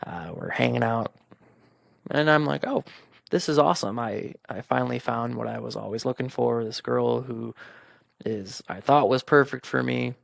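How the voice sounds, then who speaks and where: A man's voice: medium pitch, creaky, a bit bright, no echo, studio quality. A young man, a podcast host, candidly telling a personal story, swearing freely and acting out what he said back then. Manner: candid, swears freely, acts out his own past remarks.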